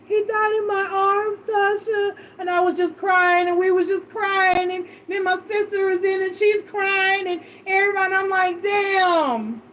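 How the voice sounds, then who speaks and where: High-voiced woman tarot reader chatting. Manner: animated, emotional and swearing freely. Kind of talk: casual storytelling chat.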